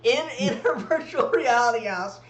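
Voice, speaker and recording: A man's voice: extremely high pitch, expressive, normal speed, a bit bright, echoey room, a little hiss or hum, rough recording. A man co-hosting a podcast, telling long, rambling stories full of swearing in casual chat. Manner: rambling, profane, storytelling. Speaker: podcast co-host.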